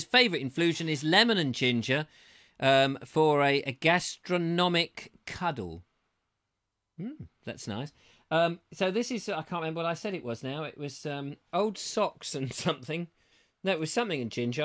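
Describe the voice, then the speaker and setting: A middle-aged man from England chats his way through viewers' comments in a rambling, jokey manner. His voice is bright and fairly high for a man, and his pitch rises and falls a lot as he talks. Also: lively intonation, normal speed. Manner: rambling, jokey, playful wordplay. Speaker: host reading live chat comments. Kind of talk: casual chatty livestream.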